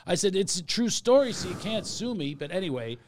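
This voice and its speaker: A man's voice: high voice, very animated, a little fast, slight background noise. A man from Philadelphia hosting a casual podcast chat, joking and cutting in often. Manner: joking, interrupting.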